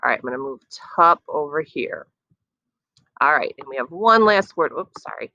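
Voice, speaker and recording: Low-voiced teacher, slow and encouraging. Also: female voice, expressive, sharp tone, no echo, muffled recording. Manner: slow, drawn-out sounding of words, encouraging. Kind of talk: online phonics lesson for young children.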